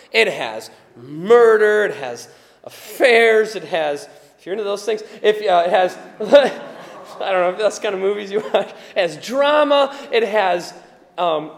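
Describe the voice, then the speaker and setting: A male preacher giving a conversational sermon, sometimes quiet and chatty, sometimes loud and emphatic, and he laughs often. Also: sits high, big-room sound. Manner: animated, swings from quiet asides to loud emphatic shouts.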